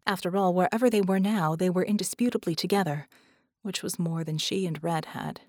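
A woman narrating an audiobook in a measured, steady reading voice. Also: lowish voice, no room sound, clean studio sound. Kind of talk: scripted narration.

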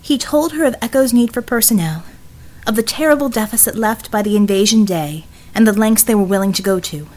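A woman narrating an audiobook in a measured, scripted style. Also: mid-range voice, a little mellow.

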